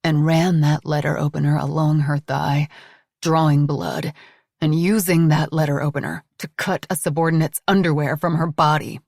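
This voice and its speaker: A woman voicing a steady, relentless woman who keeps pressing an accusation. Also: low voice, moderate pace, gravelly, dry recording, studio quality. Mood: insistent. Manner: cold and insistent.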